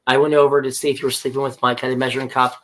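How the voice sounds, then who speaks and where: A man's voice: medium pitch, rapid-fire. Chatty man recapping a show. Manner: animated storyteller who acts out characters' lines. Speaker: podcast co-host. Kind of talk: casual chat recapping a TV episode.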